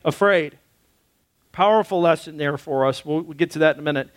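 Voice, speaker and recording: High-voiced pastor, casual preaching. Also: male voice, fairly quick, no echo. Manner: casual, animated preaching with acted-out quotes. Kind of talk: sermon.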